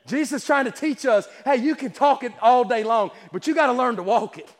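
A male preacher delivering a sermon at a church service, emphatic and repetitive, firing rhetorical questions and stumbling over quick restarts. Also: very high-pitched, big-room sound. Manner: stammering restarts.

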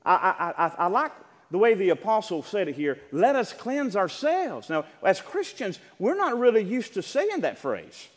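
A man's voice: high-pitched, very animated, moderate pace, few pauses, in a large hall. A man preaching a sermon with impassioned, rhythmic delivery, reading scripture and addressing the congregation.

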